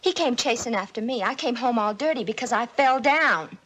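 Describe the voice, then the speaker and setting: A woman's voice: on the high side, expressive, normal speed, fairly bright tone, poor audio. An actress playing a troubled schoolgirl accused of setting fires, pleading and defensive, in 1950s TV drama style. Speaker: daughter Alice.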